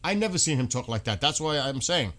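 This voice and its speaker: A man's voice: on the high side, big pitch swings, a little fast, a bit bright. A man reacting to news on a live stream, exclaiming in disbelief and swearing now and then.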